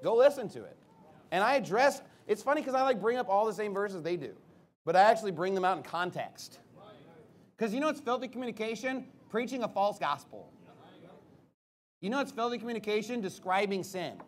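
A man, a pastor, preaching in a defensive, emphatic way, firing rhetorical questions and rising to loud outbursts. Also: sits high, lively intonation, fairly quick.

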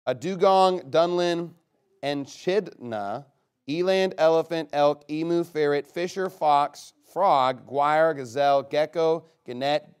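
Upbeat man with a smooth, higher voice. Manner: chatty and upbeat, rattling off names with quick asides. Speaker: game leader with a group. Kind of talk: casual talk to a live group, reading out a long list.

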